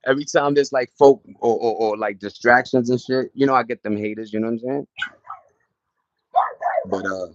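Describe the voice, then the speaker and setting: A man's voice: mid-range voice, moderate pace, long pauses, highs cut off, a little hiss or hum. A middle-aged man hosting a livestream, telling loose, slangy stories in casual chat and greeting viewers from the chat between them. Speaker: livestream host.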